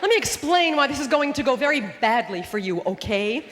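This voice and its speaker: Woman comic on stage, high lively voice, echoey hall w/ crowd laughing. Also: a little fast, a little hiss or hum. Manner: sharp, punchy delivery with mocking put-on voices. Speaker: stand-up comedian. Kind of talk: live stand-up comedy. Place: theater stage before a live audience. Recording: roomy live show recording with crowd.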